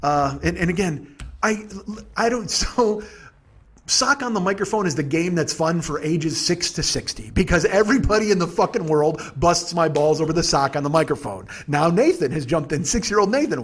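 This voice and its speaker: A man in his forties hosting a comedy podcast, telling a rambling, profane, exasperated story in a husky voice. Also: fairly high pitch, animated, brisk. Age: 40s. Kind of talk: storytelling monologue.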